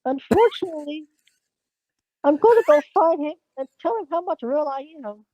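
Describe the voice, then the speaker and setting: A woman voicing a boastful leprechaun with a put-on Irish accent, demanding gold and making gruff threats. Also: sits high, lively intonation, normal speed, warm tone. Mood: menacing. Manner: gruff, menacing banter. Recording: dull lo-fi sound.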